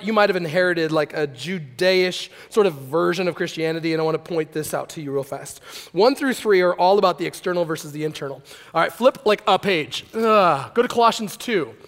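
A high-voiced man preaching a loose, casual sermon, joking with his listeners as he reads and acts out quotes. His talk rings with the long reverb of a large hall. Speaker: pastor.

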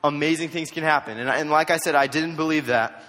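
Animated young man preaching in reverb. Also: fairly high pitch, fairly quick. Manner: animated, jokey, acts out quotes in voices. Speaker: youth speaker. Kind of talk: storytelling sermon talk. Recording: long hall reverb.

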